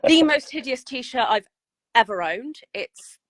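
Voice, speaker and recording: A woman's voice: high voice, expressive, measured pace, a bit bright, no echo. A woman guest in a casual podcast chat, talking candidly and laughing often.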